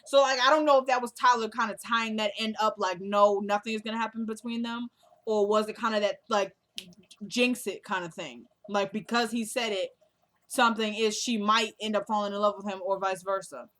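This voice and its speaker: A woman's voice: mid-range voice, steady tone, brisk, a bit bright. A woman giving a casual, chatty recap of a TV episode, speaking straight to her viewers and retelling the dialogue scene by scene. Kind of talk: casual show recap vlog.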